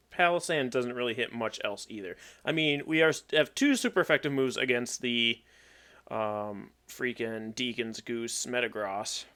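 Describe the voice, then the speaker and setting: Bright-voiced young man commentating a game. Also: medium pitch, clean tone. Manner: chatty, self-mocking, thinks aloud. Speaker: gaming YouTuber. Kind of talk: casual Pokemon battle commentary.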